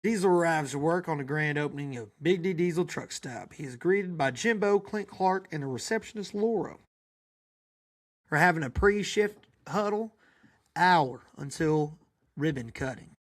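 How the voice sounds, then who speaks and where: Deadpan host reading stage directions, stumbles a bit. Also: male voice, on the high side, normal speed. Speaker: podcast host reading a comedy script. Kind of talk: narrating a comic screenplay.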